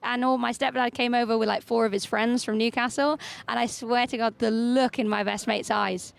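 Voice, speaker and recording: A woman's voice: fairly high pitch, fairly even intonation, moderate pace, gravelly. A young English woman, a musician guest, chatting casually and laughing often, playing with accents. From England. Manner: giggly, plays with accents. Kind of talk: casual interview chat.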